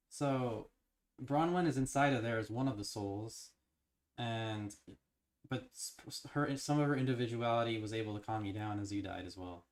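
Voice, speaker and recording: A medium-pitched man reads aloud at an ordinary pace on a livestream, working through an interactive horror novel. He occasionally stumbles and restarts, and he keeps interrupting the reading with eager speculation.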